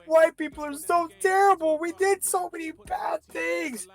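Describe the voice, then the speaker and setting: A man's voice: very high voice, fairly even intonation, measured pace, voice pushed up. A man voicing a whiny, guilt-ridden teenage boy in an exaggerated mocking way.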